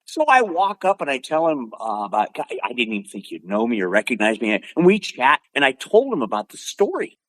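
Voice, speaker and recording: An older man from Oregon, a martial arts instructor telling stories as an interview guest, lively and acting out quotes. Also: mid-range voice, fairly quick, few pauses, dry recording. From Oregon, USA. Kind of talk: animated storytelling.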